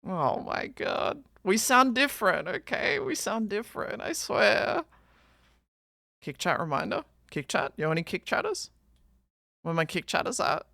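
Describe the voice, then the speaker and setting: A woman's voice: mid-range voice, very animated, measured pace, vocal fry, a bit bright, no room sound, clean studio sound. A young Australian woman streaming, chatting casually with a guest, playful and teasing with plenty of swearing. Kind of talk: casual chat.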